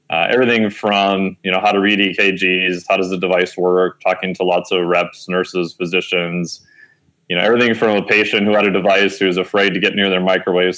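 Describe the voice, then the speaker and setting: In an interview, a man in his forties with a slightly low voice tells a personal story in a loose, chatty way, filling pauses with "uh" and "you know" and often correcting himself mid-sentence. He animatedly acts out other people's lines, his pitch leaping up as he quotes them. The recording is low quality.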